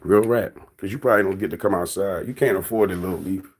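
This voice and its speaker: A man's voice: low-pitched, fast talker, breathy edge. A man on a casual livestream, reading and answering his chat in a teasing, mocking way, laughing often.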